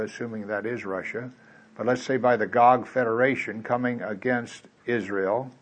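A man preaching a sermon in a folksy, conversational way. He drops to quiet asides and then reads scripture loudly and emphatically. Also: medium pitch, slightly rough. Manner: swings from quiet asides to loud emphatic reading.

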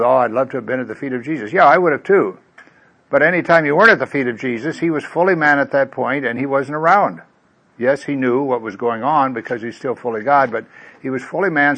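Folksy man preaching a conversational sermon. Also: medium pitch. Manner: lively, acts out quoted voices; folksy asides with filler words. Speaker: pastor.

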